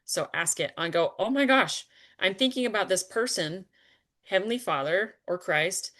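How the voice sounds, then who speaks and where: Low-voiced woman teaching in earnest. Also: normal speed. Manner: earnest and animated, laughs often, trails off with fillers. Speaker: spiritual teacher. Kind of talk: conversational spiritual discussion.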